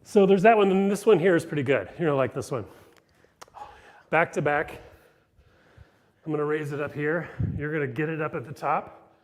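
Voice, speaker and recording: A man leads a partner exercise session, talking a co-host through each move. He sounds a little out of breath. His voice sits fairly high for a man. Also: moderate pace, long pauses. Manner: instructive, calling out moves. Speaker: fitness trainer. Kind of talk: coaching a partner workout on a live show.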